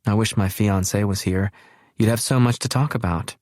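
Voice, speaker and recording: A man's voice: fairly low pitch, moderate pace, a little mellow, no echo, clean studio sound, close to an everyday voice. A man voicing an anxious, scattered young woman who talks in an eager, chatty and slightly flustered way.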